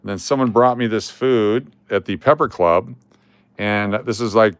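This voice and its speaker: With a fairly low, clear and resonant voice at normal speed and no echo, a middle-aged man hosts a casual coin collecting vlog. He rambles and jokes about old photos, chuckling along and restarting when his thoughts trail off.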